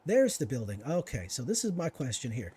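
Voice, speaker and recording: A male streamer talks through his game in a loose, chatty way, needling the enemies and musing aloud. His voice is husky and mellow, and his pitch swings widely as he reacts. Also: sing-song, a little fast. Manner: chatty, talks to himself and to enemies while playing. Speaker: gaming streamer. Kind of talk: casual let's-play commentary.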